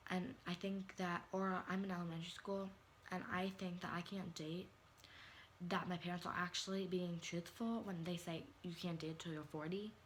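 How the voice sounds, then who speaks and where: A woman's voice: on the low side, slight background noise, poor audio. A teenage girl ranting to a phone camera in a vlog, sassy and exasperated, calling people "honey.". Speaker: vlogger. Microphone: phone or webcam.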